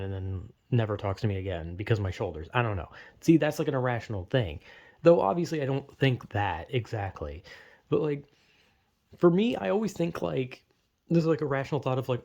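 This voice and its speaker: A man's voice: medium pitch, animated, a little fast, a little mellow. A young man talking casually into his own video, rambling and self-deprecating, full of fillers and restarts. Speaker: vlogger.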